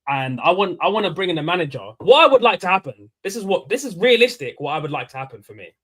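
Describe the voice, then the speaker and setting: A young man hosting a casual post-match fan livestream, rambling and excitable. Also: high-pitched, quick pace. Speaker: livestream host.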